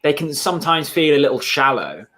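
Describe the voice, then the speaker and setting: A man's voice: a little high, very animated, a little fast, fairly bright tone, slight background noise. A man hosting a casual chat, eager and prone to stumbling restarts. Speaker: host.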